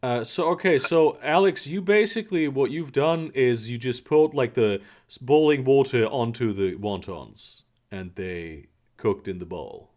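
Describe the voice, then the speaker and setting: A man hosting a charity livestream in casual group chat, animated and often laughing. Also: mid-range voice, a little slow, hardly any pauses. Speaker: livestream host.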